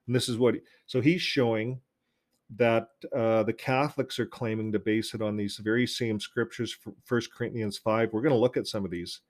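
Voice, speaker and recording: A man hosting his own channel, talking loosely with many fillers and reading out passages from old religious magazines. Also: medium pitch. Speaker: channel host.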